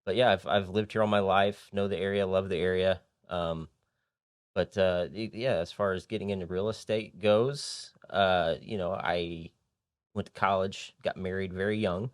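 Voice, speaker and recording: A man's voice: sits low, fairly even intonation, moderate pace, dry recording. A man from Indianapolis, a real estate agent and podcast guest, telling his story in an earnest, rambling, easygoing way in a recording studio. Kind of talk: casual interview storytelling.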